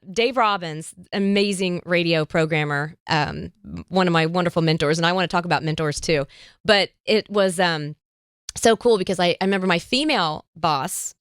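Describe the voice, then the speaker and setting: A woman hosting an interview podcast, telling lively anecdotes and mimicking the people in them. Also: fairly low pitch, a little fast, smooth, no echo, clean studio sound. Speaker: podcast host. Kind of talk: casual interview chat.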